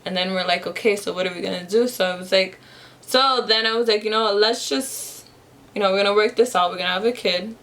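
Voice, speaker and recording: A woman's voice: mid-range voice, quick pace, a bit bright. A young woman telling a personal story while she does her makeup, rambling casually with lots of fillers and restarts. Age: young adult. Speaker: vlogger. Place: at home, in front of a camera.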